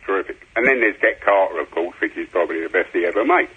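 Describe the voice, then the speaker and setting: A man's voice: sits low, expressive, quick pace, husky. A man calling a radio phone-in, chatty and insistent about having his say. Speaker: caller. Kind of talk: phone-in call. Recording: muffled phone line.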